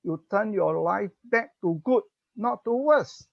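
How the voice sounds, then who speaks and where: Singaporean English guest speaker, slow, close, dry sound, muffled dull recording, animated parenting talk. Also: medium pitch, gravelly, no echo. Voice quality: slow explaining, mixes in Chinese phrases. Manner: acts out parent-child dialogue, chuckles often.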